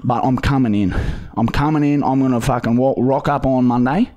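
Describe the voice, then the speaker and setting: A man's voice: mid-range voice, fairly even intonation, brisk, mellow, dull audio, close to an everyday voice. A young man with an Australian accent playing a pushy, swearing job seeker on a prank call, rambling with lots of fillers. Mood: insistent. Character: desperate rough-talking male job seeker. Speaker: prank caller.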